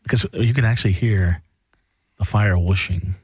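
Joking man who stammers, deep voice. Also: normal speed, a little mellow, slightly rough, no room sound. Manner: stammers and repeats, jokey, laughs often. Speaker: co-host commenting on a live demonstration. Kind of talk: casual joking commentary.

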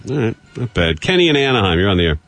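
A man hosting a call-in radio talk show, taking callers briskly and trading dry wisecracks. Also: on the low side, very animated, fairly bright tone. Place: radio studio. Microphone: studio microphone.

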